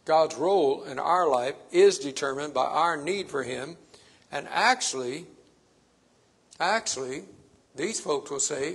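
A man's voice: a little high, measured pace, husky. A man preaching a sermon, stressing his points by repeating phrases.

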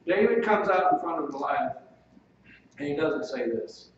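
A man's voice: a little high, lively intonation, moderate pace. A male pastor preaching a sermon in an emphatic, folksy manner, heard from a distance in a church. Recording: echoey, dull, distant room recording.

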